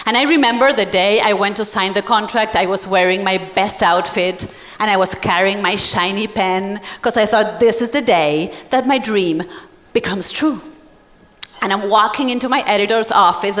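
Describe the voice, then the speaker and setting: A young woman from Latin America speaks to a live audience in a bright, fairly high voice, animated and quick to laugh. She gives the crowd instructions and tells her story as a motivational speaker. Her stage mic carries the long reverb of a large hall.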